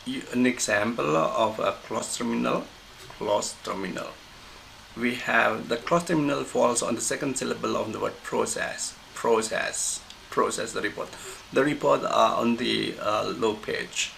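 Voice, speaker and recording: With a strongly gravelly, creaky mid-range voice that's a bit bright, a man teaches English pronunciation in a recorded lesson. He frequently stops and starts over to find the right word, over a faint hiss in the low-quality audio.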